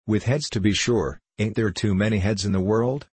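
A man's voice: lowish voice, moderate pace, darkish tone, slightly rough, dry recording. A man voicing a folksy, sly old male innkeeper in an audiobook, with a rustic drawl and dropped word endings.

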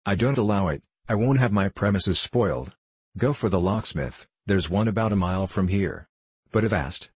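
A man's voice: lowish voice, animated, normal speed, a little mellow, husky, dry recording. A man voicing a bossy, fussing middle-aged innkeeper woman in an audiobook, scolding and exclaiming. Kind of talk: audiobook character voice.

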